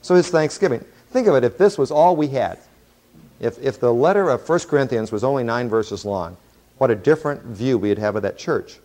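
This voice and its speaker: A middle-aged man preaching a sermon in a voice of ordinary pitch for a man. He jokes and throws in sarcastic asides as he explains the text, and keeps his delivery lively. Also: fairly quick.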